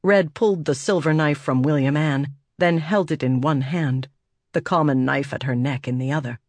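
A man narrating a fantasy audiobook in a steady, measured storytelling voice. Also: a little high, no room sound.

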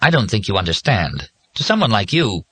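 A man's voice: fairly low pitch, very animated, fairly quick, a bit bright, slightly rough, no echo, heavily acted. A man voicing an anxious out-of-work craftsman who is worried about failing, in an audiobook reading. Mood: earnest. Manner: worried, pleading.

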